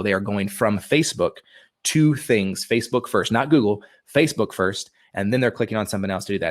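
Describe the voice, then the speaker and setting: A man giving an energetic motivational webinar talk from home, repeating questions to coach his listeners. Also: on the low side. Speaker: webinar speaker. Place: home room with a dog.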